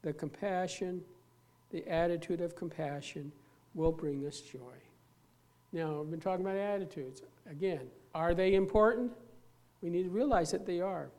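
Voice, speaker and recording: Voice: medium pitch, darkish tone. Earnest pastor preaching a sermon. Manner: earnest, emphatic, slows down to stress key words; repeats and restarts phrases while preaching.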